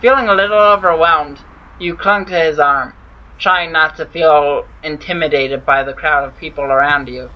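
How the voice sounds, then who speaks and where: A man's voice: on the high side, fairly even intonation, moderate pace, highs cut off. A man hosting a let's play, reading a dating sim's story aloud with amused asides. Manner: amused, narrating with laughs.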